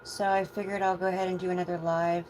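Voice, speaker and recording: A woman's voice: on the low side, flat delivery, fast talker, slight background noise, low-quality recording. Chatty woman on a livestream. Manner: chatty and meandering, with soft asides. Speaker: tarot reader. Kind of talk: casual livestream chat.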